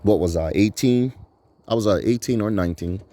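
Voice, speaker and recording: Man, 30s, low and warm-toned; emphatic, repetitive preaching monologue. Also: a little fast. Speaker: channel host.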